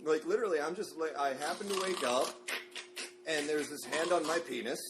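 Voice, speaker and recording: A man's voice: on the high side, a little fast, over music, poor audio. A man co-hosting a casual podcast chat, telling stories and laughing through them. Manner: storytelling, laughs through his own stories. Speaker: podcast co-host. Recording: humming background noise.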